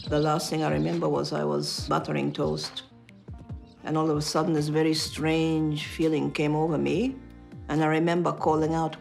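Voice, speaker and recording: Interviewee: woman, Italian-sounding accent, gravelly, faint music behind. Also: low-pitched, moderate pace. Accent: Italian-sounding, from foreign accent syndrome. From Australia. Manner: animated storytelling, restarts. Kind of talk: casual interview talk.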